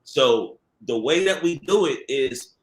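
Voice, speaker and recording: A man's voice: medium pitch, expressive, unhurried, reverberant. A man who works as a TV producer, telling stories in a casual, slangy conversation and laughing often. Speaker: TV producer guest.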